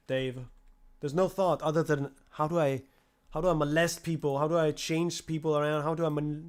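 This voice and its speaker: Exasperated young man ranting, slightly high voice. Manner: profane and exasperated, mocking his harassers. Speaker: livestreamer. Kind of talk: angry rant on a livestream.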